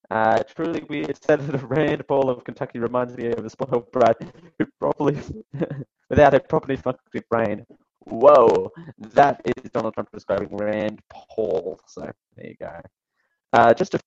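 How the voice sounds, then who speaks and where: A male radio host talks through political news in a loose, sarcastic way, with a gravelly edge to his voice. The sound is dry and a little dull, like a lo-fi broadcast feed. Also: mid-range voice, a little mellow, no echo. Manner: wry, sarcastic asides with chuckles. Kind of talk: casual political commentary.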